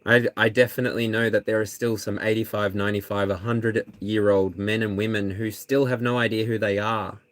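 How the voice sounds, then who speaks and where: This is a tarot reader hosting a live stream. The talk is candid and earnest, rambling loosely with plenty of ums and restarts, in a middle-pitched voice. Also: flat delivery, fairly quick, hardly any pauses, no room sound. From Australia. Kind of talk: casual live stream chat.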